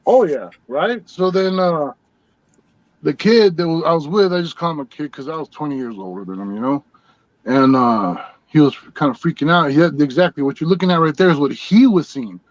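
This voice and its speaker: A middle-aged man with a slightly high voice tells a long story in a loose, rambling way. The sound is dry and a bit dull and lo-fi. He speaks as a guest on a podcast. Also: lively intonation, a little fast, dry recording. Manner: rambling, laid-back storyteller. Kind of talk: casual storytelling.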